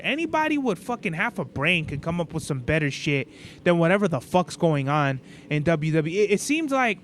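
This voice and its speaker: A man's voice: high-pitched, slight background noise. A young man hosting a podcast, ranting in a casual, profane, blunt way. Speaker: podcast host. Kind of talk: casual rant. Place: indoors. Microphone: cabled microphone.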